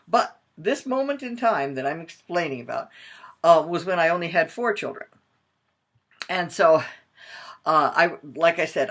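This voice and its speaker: Older woman, husky voice, animated pitch, expressive storytelling to moms. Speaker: parenting coach.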